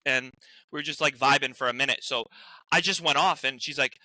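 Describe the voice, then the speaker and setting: A man's voice: medium pitch, quick pace, pushed and bright, no echo. A young man from Rhode Island, a guest actor, telling rambling stories in casual chat. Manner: rambling storyteller, many restarts and "like"s.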